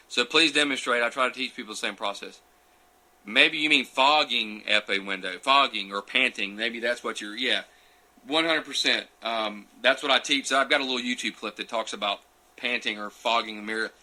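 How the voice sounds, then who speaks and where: Bright, folksy man on a live Q&A. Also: mid-range voice. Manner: folksy and friendly, calls people buddy and brother; chuckles between answers. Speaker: champion turkey caller answering live questions. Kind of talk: casual live Q&A. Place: at home on a futon couch.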